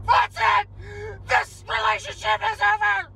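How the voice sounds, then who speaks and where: A man voicing a scoffing young woman, his girlfriend, who nags rapidly and dismissively. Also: very high voice, animated, a bit bright, recorded from a distance, voice pushed up, rough recording. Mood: furious. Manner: rapid, dismissive nagging that breaks into shrieks.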